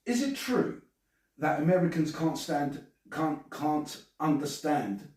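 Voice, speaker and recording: A man's voice: a little high, lively intonation, takes it slowly, darkish tone, very echoey, distant mic, low-quality recording. A man from England, chatting alone on a live stream and reading out comments, rambling and stammering. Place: at home, alone.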